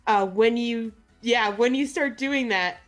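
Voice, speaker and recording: A woman narrating a tabletop game as game master, relaxed, with frequent pauses and laughs. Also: fairly high pitch, soft background music.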